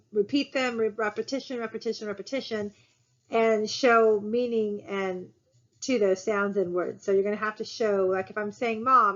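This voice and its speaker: A woman's voice: on the high side, lo-fi sound. A woman instructor giving a recorded video lecture, explaining patiently with fillers and restarts. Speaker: college instructor.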